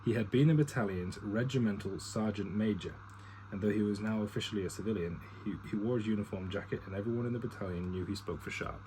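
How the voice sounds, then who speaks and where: A man's voice: lowish voice, quick pace, noisy background. A man casually reading a novel aloud to his partner, stumbling on words, restarting and chatting in asides. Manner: stumbles, restarts and swears at misreadings.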